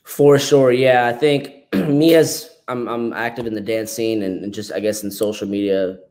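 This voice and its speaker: A man's voice: medium pitch, fairly even intonation, moderate pace, a little mellow. A young man, a dancer, talking as a podcast guest in a laid-back way, dropping "like" and "man" often. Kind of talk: casual interview chat.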